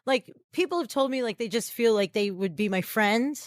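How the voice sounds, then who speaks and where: A woman's voice: on the high side, animated, normal speed, dry recording. Chatty young woman comedian, dry sound. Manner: chatty, laughs often, lots of "like" and "you know". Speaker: comedian guest. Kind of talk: casual interview chat.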